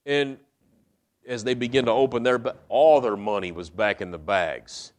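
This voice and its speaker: A man's voice: medium pitch, normal speed. A middle-aged man preaches by retelling a story in plain, casual speech. He drops into the characters' lines along the way and keeps an easy conversational pace. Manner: casual retelling with acted-out quotes. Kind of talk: storytelling sermon.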